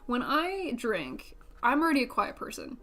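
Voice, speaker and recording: A woman's voice: fairly high pitch, huge pitch swings, normal speed, sharp tone. A young woman streamer chatting casually and self-deprecatingly while building a model kit, laughing often.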